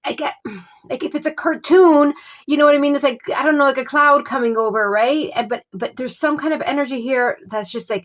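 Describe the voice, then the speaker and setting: A woman giving a casual tarot reading. She gropes for words with many fillers and keeps offering calm reassurance. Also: high voice, a little fast. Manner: reassuring, repeats soothing phrases. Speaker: tarot reader.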